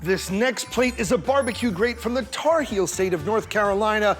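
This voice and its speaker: A man's voice: sits high, expressive, normal speed, fairly bright tone, soft background music. A man from New York presenting state dishes in a playful, pun-heavy showman style. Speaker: food show host. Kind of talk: punny scripted food presentation.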